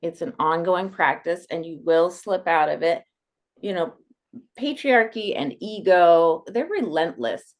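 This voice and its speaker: A woman with a slightly low voice, speaking as a coaching guest on a podcast. Her talk is casual and animated. She often slips into acting out the voices of others. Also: measured pace. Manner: animated, acts out quoted voices.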